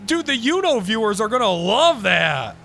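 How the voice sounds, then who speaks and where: A man streaming live, chatting casually with an excitable, profane manner and mock-outraged outbursts. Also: sits high, normal speed, creaky, a little hiss or hum.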